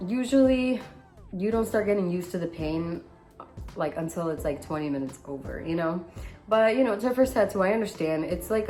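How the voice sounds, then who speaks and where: A young woman, a tattoo artist, telling stories in a casual vlog and acting out the voices of the people in them. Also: on the low side. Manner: animated storyteller, reenacts voices.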